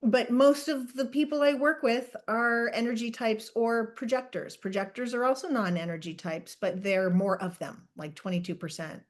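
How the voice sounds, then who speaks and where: A woman hosting a podcast in casual chat, animated and jokey, thinking aloud as she explains. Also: fairly high pitch, moderate pace, hardly any pauses. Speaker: podcast host and Human Design reader.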